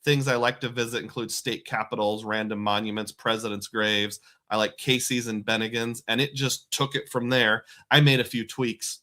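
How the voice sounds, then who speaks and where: A man's voice: medium pitch, steady tone, normal speed, hardly any pauses, sharp tone. A man in his forties from southeast Iowa, hosting a live stream and chatting through viewer comments with frequent laughs. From southeast Iowa, USA. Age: 40s. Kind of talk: casual live stream chat.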